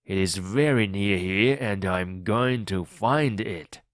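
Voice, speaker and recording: A hardened pirate captain barks firm orders, as a man puts him on in a storybook reading. The voice sits low and moves slowly. The sound is dry and close, with no room around it. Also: no room sound. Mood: commanding. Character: hardened one-legged male pirate leader, commanding. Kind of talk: audiobook reading for learners.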